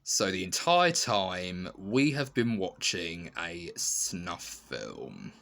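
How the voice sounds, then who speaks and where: A man with a fairly low voice talks through a review in a loose, rambling way, leaning on filler words. He tells it with animated energy, breaking now and then into quick impressions. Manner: rambling, full of "you know" and "literally". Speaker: video reviewer. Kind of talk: casual spoken review.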